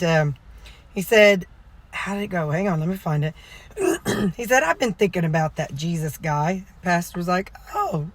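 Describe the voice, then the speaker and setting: Woman rambling while talking from a car. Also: mid-range voice. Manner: rambling, with many fillers and self-corrections. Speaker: vlogger. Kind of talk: casual retelling of a sermon. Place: inside a car.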